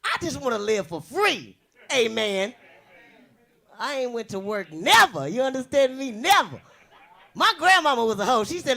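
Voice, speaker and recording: A young woman from the US West Coast works a comedy club stage with a big, bright voice. Her pitch leaps around as she fires off brash, bawdy punchlines. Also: sing-song, moderate pace, vocal fry. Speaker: stand-up comedian. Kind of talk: stand-up comedy routine.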